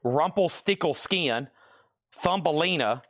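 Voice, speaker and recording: A man with a Southern Tennessee accent hosting a live-stream record sale, calling out prices briskly with joking asides. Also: a little high, expressive, a bit bright, dry recording, clean studio sound.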